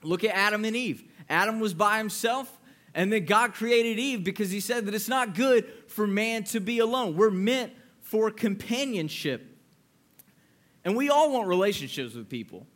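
A man's voice: high voice, animated, normal speed, a bit bright. A young man giving a youth sermon in a playful, joking way, acting out voices to make his point. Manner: playful, jokey, acts out voices. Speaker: youth pastor.

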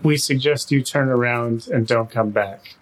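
A man's voice: mid-range voice, a little slow, natural voice. A man voicing a blunt, threatening male bandit guarding a river crossing in a tabletop game. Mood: hostile. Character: curt male river bandit, hostile and terse. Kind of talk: tabletop role-play in character.

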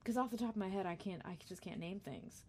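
A woman's voice: medium pitch, fast talker, darkish tone, slightly rough. A woman singer-songwriter chatting casually as a guest, self-deprecating and talkative. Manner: chatty, self-deprecating, sings short jingles. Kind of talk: casual chat.

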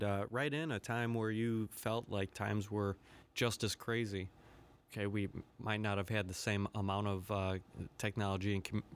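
Over a faint hiss or hum, a man with a lowish voice hosts a podcast and rambles through a foul-mouthed, funny rant. His talk is loose, packed with swearing, laughs and side comments.

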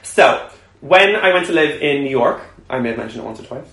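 Guy rattling off a story on a podcast, quick and animated, roomy echo. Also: medium pitch, creaky. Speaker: podcast co-host. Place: room shared with two co-hosts around a table. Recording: echoey room.

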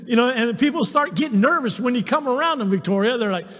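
A man's voice: very high-pitched, animated, a little fast, hardly any pauses, big-room sound. A male pastor preaching a sermon, emphatic, often asking the congregation "Amen?". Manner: emphatic preaching, repeated call-and-response "Amen?". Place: church sanctuary.

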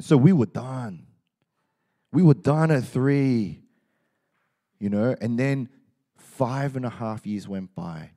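A middle-aged Australian man preaching a sermon, telling stories in a joking, animated way. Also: mid-range voice, slow, long pauses. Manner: animated, joking storytelling with laughs. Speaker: pastor.

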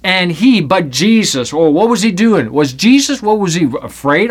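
Brief: male Bible teacher, high voice, playful and lively, reads scripture aloud with jokes. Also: normal speed, few pauses.

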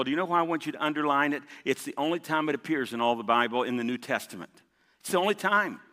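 A man's voice: on the high side, bright, forceful tone. A man preaching a sermon as pastor, emphatic, repeating key points and calling on the congregation for responses. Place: large church sanctuary. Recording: long reverb of a big hall.

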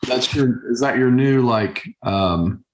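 A middle-aged man chatting over a video call in a playful, joking way, often stopping and restarting his sentences. His voice sits at an ordinary pitch for a man. The room around him rings with a noticeable echo. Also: slow, slight background noise. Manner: playful, joking, stop-and-start. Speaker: podcast co-host. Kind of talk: casual chat.

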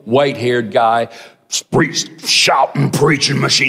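A man's voice: medium pitch, normal speed. Middle-aged male pastor in a reverberant hall. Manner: storytelling, animated asides to the congregation. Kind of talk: sermon. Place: large church hall.

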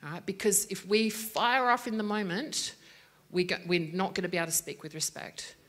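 A woman teacher with a mid-range, fairly bright voice gives a faith-based parenting talk on speaking graciously, at normal speed. She keeps it conversational, checking in with listeners often with "right?"

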